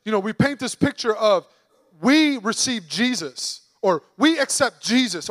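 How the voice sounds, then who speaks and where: A man's voice: sits high, expressive, measured pace, a bit bright, no echo. A man preaching a sermon in an emphatic, conversational way, putting rhetorical questions to the congregation.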